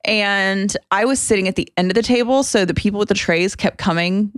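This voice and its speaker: A woman co-hosting a podcast, chatting casually and retelling a weekend story with lively asides. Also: medium pitch, fairly quick, smooth, no echo, clean studio sound. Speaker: podcast co-host. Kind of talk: casual chat.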